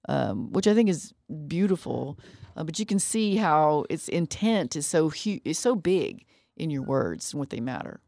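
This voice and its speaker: A woman co-hosting a radio talk show, chatting casually with quick asides and laughs. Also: fairly low pitch, animated, a little mellow, no room sound, clean studio sound. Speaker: radio co-host. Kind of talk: casual chat.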